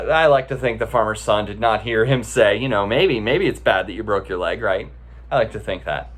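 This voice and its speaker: A man gives a relaxed, conversational talk as a meditation teacher and slips into storytelling. His voice sits at an ordinary middle pitch. He keeps checking in with the listeners as he goes. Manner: casual, conversational, with many filler checks.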